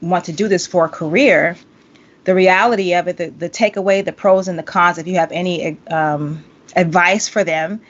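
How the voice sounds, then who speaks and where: Woman, 40s, podcast host, animated and teasing, lo-fi sound. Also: lowish voice, moderate pace. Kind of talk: casual interview chat. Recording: dull lo-fi audio.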